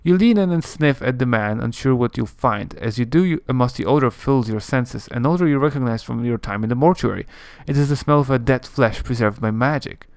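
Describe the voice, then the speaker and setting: A man hosting a let's-play, reading game text aloud in steady narration with small slips. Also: mid-range voice, fairly quick, hardly any pauses, clear, resonant tone, no echo, studio quality.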